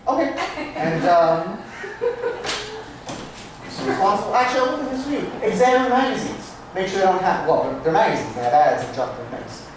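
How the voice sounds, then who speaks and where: Playful stage magician in an echoey room. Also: male voice, sits high, lively intonation, a little fast, background noise. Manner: playful, self-mocking, chatty with asides. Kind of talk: comic stage patter with volunteers. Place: small theatre stage, live audience. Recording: echoey, distant live room recording.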